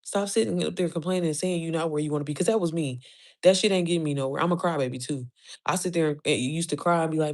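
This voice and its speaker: A woman giving a casual, profane motivational rant to her followers, blunt and preachy, firing off emphatic rhetorical questions and breaking into quick laughs between points. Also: low-pitched. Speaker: online business coach.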